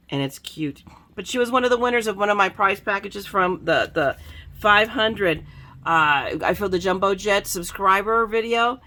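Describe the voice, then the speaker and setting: A woman crafting vlogger chatting excitedly to viewers about the mail she got, bubbly and gushing. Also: medium pitch, brisk. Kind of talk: excited casual happy-mail chat.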